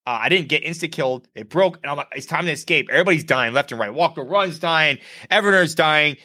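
Bright, animated man telling a story. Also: fairly high pitch, quick pace. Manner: animated storyteller, acts out quotes. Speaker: podcast co-host. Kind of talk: casual gaming podcast chat.

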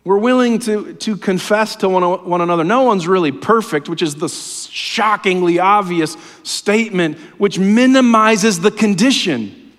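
A man preaching a sermon, impassioned and often dropping to a hushed, low voice. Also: a little slow. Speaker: pastor. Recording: long hall reverb.

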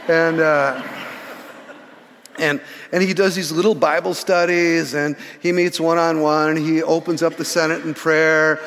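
A man in his sixties telling a story in a sermon, animated, often restarting his words. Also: on the high side, a little slow. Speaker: pastor. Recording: reverberant church hall.

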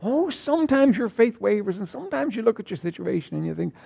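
A man's voice: sing-song, quick pace, gravelly, warm tone, slightly rough. A male pastor preaching a sermon, reading scripture aloud and then retelling it in everyday words. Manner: reads King James scripture then paraphrases it in plain talk; preaching, rising high and emphatic at points.

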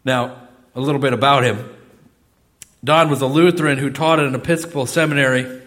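A middle-aged male pastor preaching a sermon in a church, swinging between loud exclamations and soft asides. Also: medium pitch, fairly even intonation, brisk. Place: church sanctuary.

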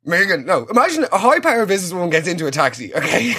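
A young Irish man riffs through a profane, self-mocking comic rant. His voice swings lively from high to low with a faint husk. He rambles and restarts, piling on exaggerations. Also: fast, slightly rough. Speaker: comedian. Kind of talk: comic monologue.

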